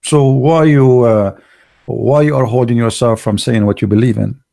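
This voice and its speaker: An online show host from the Arab world delivers a blunt, opinionated livestream monologue in broken, non-native English. His gravelly, dark, mellow voice is medium-pitched with fairly even intonation and a moderate pace, and he drives his points home with rhetorical questions.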